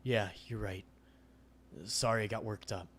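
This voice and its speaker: A man voicing a tall, protective young man in a visual novel read-aloud, speaking low and soothing. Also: steady tone, measured pace, a bit bright, slightly rough. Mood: calming.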